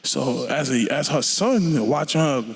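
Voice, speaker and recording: A man, a rapper telling his story onstage in a blunt, profane and animated way. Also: mid-range voice, measured pace, slightly rough, in a large hall. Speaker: interview guest, rapper. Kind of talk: candid onstage conversation.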